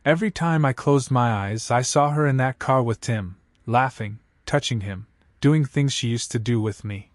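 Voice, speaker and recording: A man telling a dramatic first-person story in steady, scripted narration. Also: mid-range voice, normal speed, dry recording.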